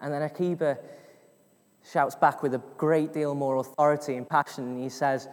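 Male preacher, animated storyteller, slightly high voice, reverberant church hall. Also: fast. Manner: lively storyteller, acts out voices, laughs often. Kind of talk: sermon with storytelling.

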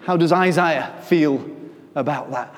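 A man preaching a sermon, moving between quiet, hushed phrases and sudden loud emphasis. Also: on the high side, a little slow. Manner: dramatic shifts between soft and loud delivery. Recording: long reverb of a hall.

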